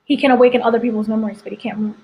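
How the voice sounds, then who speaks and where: A woman's voice: a little high, fairly even intonation, very fast, a little mellow, rough recording. A woman editor chatting casually through a spoiler review, rambling with lots of "like" and "you know". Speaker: entertainment editor reviewing a TV episode.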